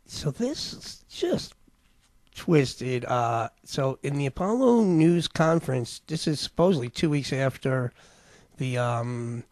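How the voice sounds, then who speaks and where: A man's voice: medium pitch, lively intonation, slow, a little mellow, no room sound. A man hosts a casual show, talking over clips in a rambling way with many restarts. His voice is dry and close to the mic. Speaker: host.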